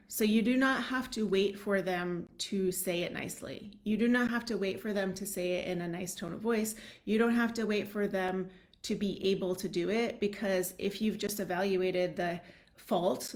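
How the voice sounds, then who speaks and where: A woman's voice: mid-range voice, normal speed. Woman parenting coach, chatty vlog advice. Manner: conversational, checks in with the listener with "right?"; casual filler "like", talking straight to parents. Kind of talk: direct-to-camera advice vlog.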